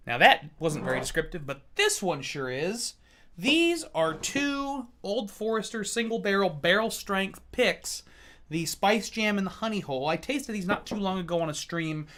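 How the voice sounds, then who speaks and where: A man with a fairly high, bright, forward voice, talking loosely through a whiskey tasting on a livestream. He jokes, curses casually and chats back to viewers between sips. His tone is relaxed and unscripted. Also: moderate pace. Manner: loose, joking, swears freely. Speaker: whiskey reviewer and streamer.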